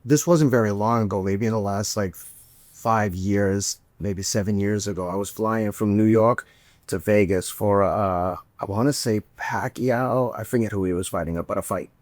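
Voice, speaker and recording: A man hosting a podcast, telling a story in a casual, animated way, swearing and acting out the voices he quotes. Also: on the low side, moderate pace, no echo. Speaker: podcast host.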